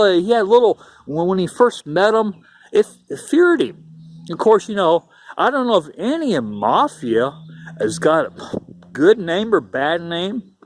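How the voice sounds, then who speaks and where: High-voiced man rambling on a vlog. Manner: rambling, repetitive storytelling. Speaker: YouTuber. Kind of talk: casual vlog monologue.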